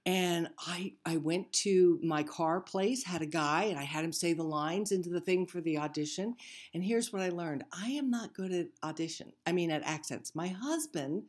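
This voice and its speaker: An older woman with a fairly low voice, talking as a guest actress. She tells her stories candidly and with emphasis, in easy interview chat. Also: normal speed, a little mellow.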